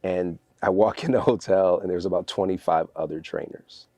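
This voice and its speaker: Man, very low voice, animated, storytelling, dry close sound. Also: moderate pace, dry recording. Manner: energetic, animated storyteller acting out quotes. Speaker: guest, fitness trainer. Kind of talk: storytelling in a podcast interview.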